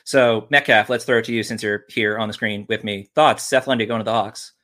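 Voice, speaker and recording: A man's voice: lowish voice, steady tone, pushed and bright. Man cueing a panel on a draft stream. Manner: brisk, hands off to panel. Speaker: stream host. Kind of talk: casual podcast chat.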